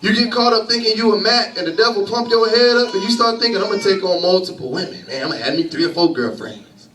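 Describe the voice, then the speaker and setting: A man's voice: high voice, fast talker, a bit bright, reverberant, recorded from a distance, rough recording. A man in his thirties preaching a sermon in a church, talking to the congregation conversationally and with humor. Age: 30s. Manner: conversational preaching with laughter and call-and-response.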